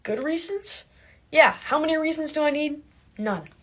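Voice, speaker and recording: A young woman doing a casual, sarcastic comedic monologue, animated and quick to laugh. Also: sits high. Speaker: comedic creator.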